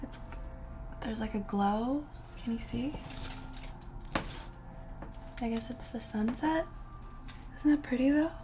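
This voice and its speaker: A young woman answering viewer questions at home, rambling and giggly, often trailing off into soft whispers. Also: fairly high pitch, slow, pauses often, noisy background. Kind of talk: casual solo Q&A chat. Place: at home by a window.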